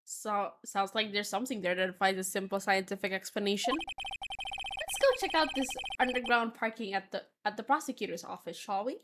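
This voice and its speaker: A woman's voice: medium pitch, sing-song, normal speed, noisy background, pitched below the performer's own voice, lightly acted. Woman reading as a wry young lawyer. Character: young male defense attorney, dry and wry. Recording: game music behind.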